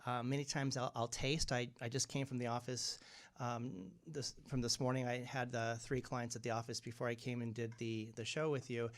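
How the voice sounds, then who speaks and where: A man, a guest medium, talking casually in an interview and telling animated stories, often acting out the people he quotes. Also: medium pitch, normal speed.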